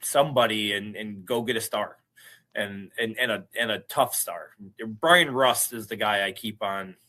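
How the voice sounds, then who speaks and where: A man co-hosting a casual podcast chat, talking haltingly as he thinks aloud. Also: on the low side, sharp tone. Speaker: podcast co-host.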